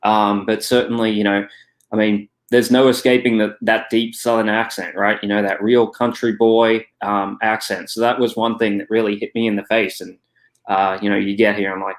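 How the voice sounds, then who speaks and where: A young man with an Australian accent talks through his answers in a low, level voice that barely rises or falls. He hedges and restarts often, leaning on "you know" as he goes. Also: little pitch movement, moderate pace. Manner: hesitant, many "you know" fillers and restarts. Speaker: guest. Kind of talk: casual interview answers.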